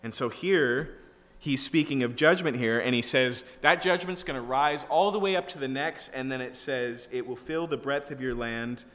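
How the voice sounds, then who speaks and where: A man's voice: medium pitch, normal speed, a bit bright. Man preaching in a reverberant hall. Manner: teaching, rising to emphatic bursts. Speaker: pastor. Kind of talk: expository sermon. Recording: reverberant hall with faint hum.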